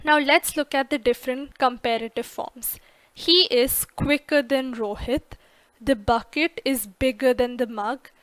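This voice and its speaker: Dry, high-voiced woman teaching grammar. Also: fairly bright tone, dry recording. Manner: slow, careful, with clearly stressed example words. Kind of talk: scripted lesson narration.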